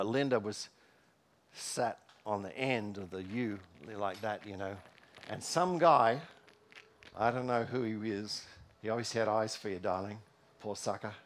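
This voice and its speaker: A middle-aged man preaching a sermon in a church, telling personal stories with many fillers and restarts. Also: fairly low pitch. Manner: storytelling, with frequent fillers and restarts.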